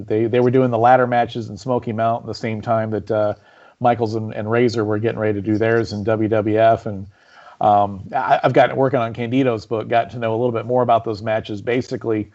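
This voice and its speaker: A man's voice: lowish voice, a little fast, dull audio. A man, a guest author on a podcast, telling stories animatedly with plenty of fillers and restarts. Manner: animated storyteller, many fillers and repeats. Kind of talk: conversational storytelling on a podcast.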